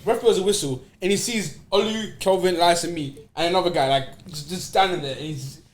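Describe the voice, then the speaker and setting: A man's voice: high-pitched, a little fast. Playful joking male podcast co-host. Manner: playful, joking, repeats words for effect. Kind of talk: casual sports chat.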